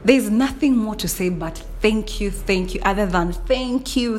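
A woman's voice: mid-range voice, unhurried, slight background noise. A woman hosting a solo podcast, chatting casually and playfully, often breaking into laughter and mock indignation. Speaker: podcast host.

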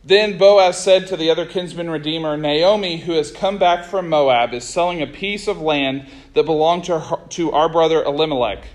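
Animated high-voiced male preacher. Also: moderate pace, few pauses. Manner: conversational, animated retelling with casual asides. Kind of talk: sermon with scripture reading.

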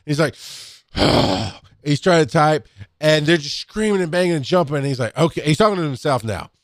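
A middle-aged man co-hosting a podcast, telling a story in casual chat, swearing freely and loudly acting out quotes. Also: fairly high pitch, lively intonation, normal speed, dry recording, studio quality. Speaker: podcast co-host.

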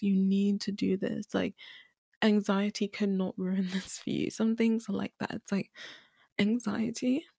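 Speaking in a creaky, darkish, medium-pitched voice with no echo and a dry, close sound, a young female podcaster talks candidly on her own. Earnest and emotional, she sometimes tears up and says things again to drive them home.

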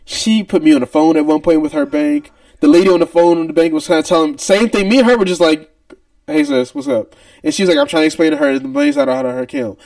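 A man's voice: sits high, quick pace, creaky, no room sound, recorded from a distance. A man co-hosting a podcast, telling a retail story casually and acting out angry customers. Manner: animated, mimics shouting customers. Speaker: podcast co-host.

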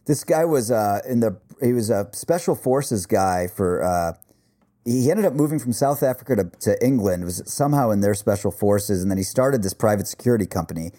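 A man's voice: lowish voice, a little fast. A man co-hosting a podcast, telling stories casually with lots of swearing and slang. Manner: profane, animated storyteller. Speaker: podcast co-host. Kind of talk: casual chat.

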